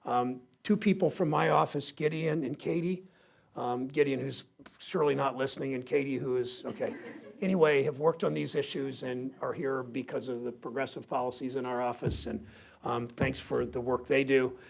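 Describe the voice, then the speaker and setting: A man in his sixties from Ohio with a raspy, gravelly voice, giving a rambling, self-deprecating keynote speech with anecdotes to a seated audience. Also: medium pitch, fairly even intonation, normal speed. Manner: rambling, self-deprecating storyteller with many restarts. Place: briefing room before a seated audience.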